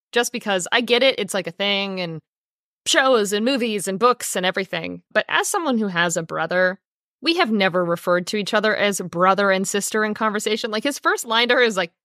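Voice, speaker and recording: A woman co-hosts a casual podcast chat in a lively, profane way and acts out other people's lines. Her voice sits at a middle pitch. The sound is close and dry. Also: no echo. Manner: animated, profane, mimics people in quick voices. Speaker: podcast co-host.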